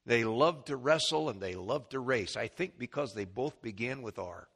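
A male preacher delivers a sermon from a church pulpit, his mid-pitched voice carrying a long hall reverb. He moves between hushed, low asides and sudden high, shouted peaks. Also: normal speed, breathy edge. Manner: swings from low murmur to high shouting when animated.

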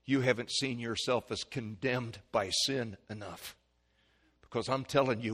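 A male preacher giving a sermon, swinging from hushed, slow pleading to loud, high-pitched shouts. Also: husky. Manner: dramatic swings from quiet to shouting.

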